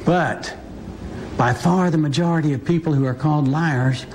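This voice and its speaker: A man's voice: fairly high pitch, normal speed, a little mellow. A man speaks firmly and earnestly in a news interview clip. A faint ambient noise sits behind his voice.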